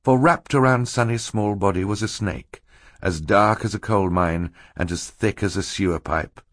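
Low-voiced male narrator, dry and ironic, with lively intonation, recorded close and dry. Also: normal speed, dry recording. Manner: wry, dryly ironic storytelling. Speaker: audiobook narrator. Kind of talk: scripted narration.

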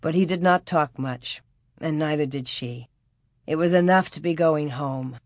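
A woman narrating a storybook in a calm, measured and expressive way. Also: low-pitched, no echo, clean studio sound. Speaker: audiobook narrator.

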